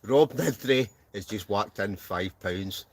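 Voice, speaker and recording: A man's voice: lowish voice, animated, slow pace. A Scottish man hosting a live stream from inside a camping tent, reading out viewers' comments with lots of jokes and laughter. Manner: jokey, laughs often, reads names aloud. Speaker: wild camping channel host.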